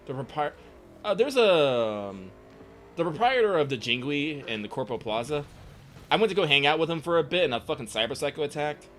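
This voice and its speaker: A man's voice: on the high side, sing-song, brisk, fairly bright tone, soft background music. A man co-hosting a podcast in casual gaming chat, often hesitating and trailing off with fillers. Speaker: podcast co-host.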